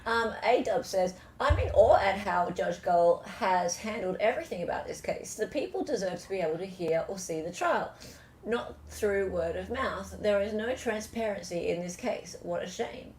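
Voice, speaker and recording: A woman's voice: medium pitch, lively intonation, moderate pace, darkish tone, slight background noise. A woman hosting a live stream, chatting casually and reading out viewer comments. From Australia. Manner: chatty, reads viewer comments aloud, lots of fillers.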